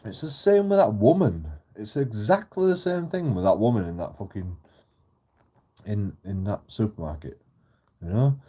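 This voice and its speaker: A man's voice: on the low side, lively intonation, normal speed, mellow. A man telling a sweary, rambling, indignant story in a casual vlog. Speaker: YouTube auditor and streamer.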